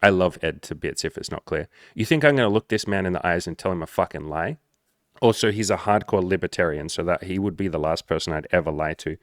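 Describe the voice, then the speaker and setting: A young adult man giving dating and social coaching in a casual monologue, blunt and animated, swearing often. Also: low voice, fast, no echo, clean studio sound.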